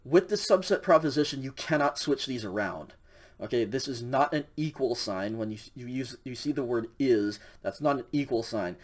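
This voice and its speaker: A man teaching a recorded university lecture in a casual way, with frequent ums and okays, who slows down to stress examples. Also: mid-range voice, expressive. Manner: casual, many fillers like um and okay; spells out examples slowly and stresses key words. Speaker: university Greek instructor.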